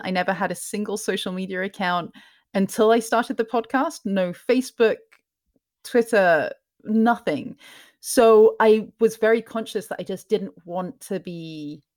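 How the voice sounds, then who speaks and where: A woman who hosts and narrates a podcast, answering interview questions in a soft, hesitant way with many fillers. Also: medium pitch. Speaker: podcast host and narrator, guest.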